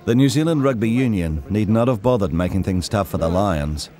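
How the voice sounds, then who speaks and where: A man's voice: fairly low pitch, animated, a little fast, warm tone. A man giving scripted documentary narration. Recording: music under voice.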